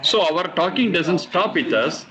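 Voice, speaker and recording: A man teaching a class on scripture, explaining verses slowly and repeating the recited lines. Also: sits high, animated, a bit bright. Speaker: teacher of Vedic texts.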